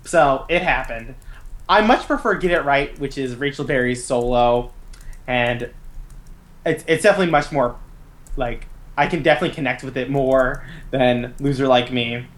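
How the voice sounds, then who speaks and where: A woman's voice: a bass voice, normal speed. A woman co-host chatting on a podcast about music and TV. She talks enthusiastically, restarting her sentences as she goes. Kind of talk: casual chat.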